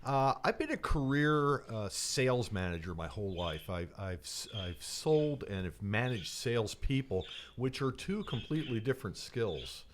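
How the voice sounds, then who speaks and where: A man in his fifties, a sales trainer, chatting as a guest in a relaxed, laid-back way. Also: mid-range voice, moderate pace, few pauses, slight background noise. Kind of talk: casual interview chat.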